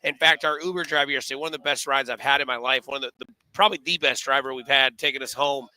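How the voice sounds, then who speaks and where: A man's voice: mid-range voice, steady tone, fast talker, sharp tone, rough recording. A man hosting a sports radio show, telling stories in a rambling, casual way with many fillers and restarts.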